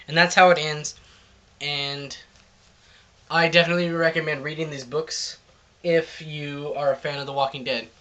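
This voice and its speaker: A man's voice: fairly high pitch, sharp tone. A man reviewing a comic book in casual chat, rambling loosely through the plot.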